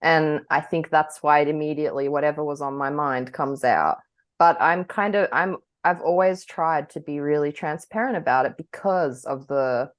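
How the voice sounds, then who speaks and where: A woman co-hosting a podcast, talking candidly and rambling, often laughing between thoughts. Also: rumbling low. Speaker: podcast co-host. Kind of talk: casual chat.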